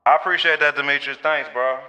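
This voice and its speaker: A man's voice: mid-range voice, steady tone, quick pace, pushed and bright, soft background music. A male streamer chatting casually with viewers in laid-back slang. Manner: laid-back slang, calls people bro.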